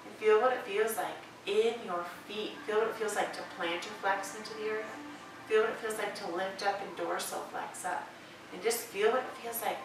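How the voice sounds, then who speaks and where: A woman yoga instructor giving gentle, encouraging cues with drawn-out phrasing and playful, chatty asides. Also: medium pitch, noisy background. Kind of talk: guided yoga class talk. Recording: echoey room, distant mic, music behind.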